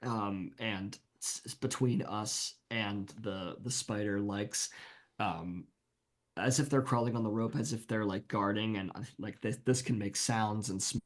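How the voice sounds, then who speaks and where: Low-voiced man rambling through his turn. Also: a little slow. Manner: rambling, lively description, fillers. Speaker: player. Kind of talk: tabletop role-play, casual.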